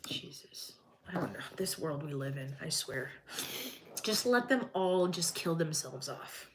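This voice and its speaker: A woman's voice: deep voice, animated, unhurried, slight background noise, poor audio. Blunt woman streamer reading crime news. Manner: blunt, offhand asides between news readings. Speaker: live-stream host. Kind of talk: reading crime news aloud and chatting with viewers.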